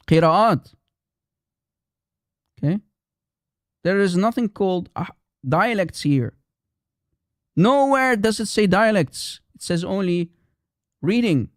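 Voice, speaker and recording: A man's voice: high voice, no room sound, studio quality. A man hosting a live stream, arguing in a combative, repetitive way and firing challenges at his audience. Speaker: livestream host. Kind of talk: heated live-stream polemic.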